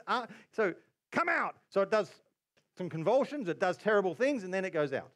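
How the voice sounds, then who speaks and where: A man preaching a sermon as pastor, telling a story with quoted asides and bursts of excitement. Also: high-pitched, a little fast.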